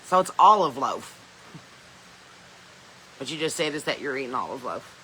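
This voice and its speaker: A woman's voice: extremely low pitch, big pitch swings, normal speed, pushed and bright, a little hiss or hum, low-quality recording. A woman podcast host with a Southern American accent, chatting casually and joking while reading viewer comments, laughing often. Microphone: phone.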